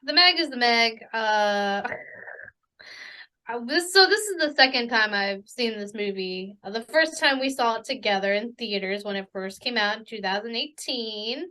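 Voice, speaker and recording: A woman's voice: on the high side, moderate pace, pushed and bright. A woman co-hosting a podcast, chatting casually and playfully, easily flustered by teasing. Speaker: podcast co-host. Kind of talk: casual chat.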